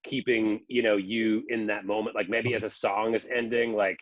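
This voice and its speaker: A man's voice: on the low side, normal speed, dry recording. Comedian man, dull and dry. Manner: filler-heavy, animated, profane. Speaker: comedian guest. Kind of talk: casual podcast chat. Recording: slightly dull sound.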